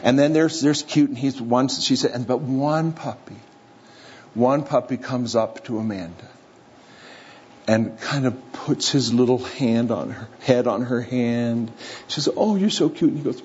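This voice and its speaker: A man's voice: mid-range voice, steady tone, measured pace, a little mellow. A man preaching a sermon to a live congregation, telling a story with playful acted-out voices. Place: church or hall with a live audience. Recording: slightly dull recording with faint room noise.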